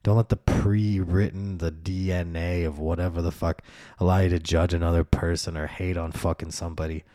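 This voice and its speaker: A man's voice: deep voice, a little fast, dark tone, no echo, studio quality. A man hosting a solo podcast, ranting in a profane, sardonic way and mocking the voices of people he dislikes. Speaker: podcast host. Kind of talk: solo comedic rant.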